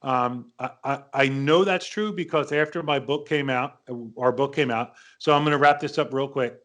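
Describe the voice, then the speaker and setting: A middle-pitched man in his fifties tells a story as a podcast host, loose and conversational. He circles back, restarts his sentences and voices the other people in the story as he goes. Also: normal speed, fairly bright tone. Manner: rambling anecdotes with quoted dialogue, frequent restarts. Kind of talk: casual storytelling.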